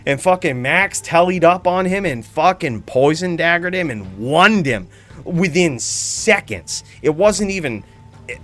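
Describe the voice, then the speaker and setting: This is a man hosting a live stream and chatting casually. His voice sits a bit high, and his talk is rambling, excitable and full of profanity. Faint music plays in the background. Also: measured pace. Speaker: streamer host.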